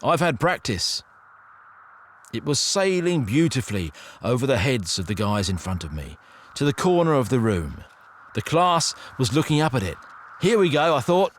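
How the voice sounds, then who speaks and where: A man reading a first-person ghost story aloud, building suspense with an expressive delivery. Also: medium pitch, measured pace, pauses often, slight background noise.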